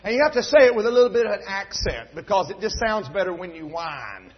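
A middle-aged pastor preaches with a high, husky voice. He tells homespun stories and then drives his points home with fervor. The recording sounds dull and lo-fi. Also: expressive, fast. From North Carolina, USA. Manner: folksy storytelling preacher, building to emphatic fervor. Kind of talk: sermon.

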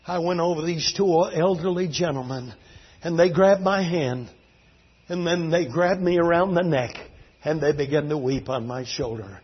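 A man preaching a sermon as a fervent, dramatic storyteller whose voice swings between hushed and loud. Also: fairly high pitch, moderate pace, slightly rough. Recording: dull lo-fi recording.

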